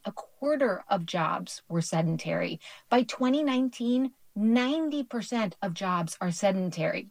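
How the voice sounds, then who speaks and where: A woman's voice: on the high side, no echo. Upbeat woman explaining research, dry sound. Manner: explanatory, upbeat, laughs lightly. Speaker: author guest. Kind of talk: radio interview answers.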